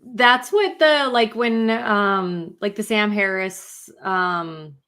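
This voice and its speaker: A woman co-hosting a casual podcast chat, who talks in an animated way with many fillers and acts out quotes. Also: mid-range voice, slow. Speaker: podcast co-host.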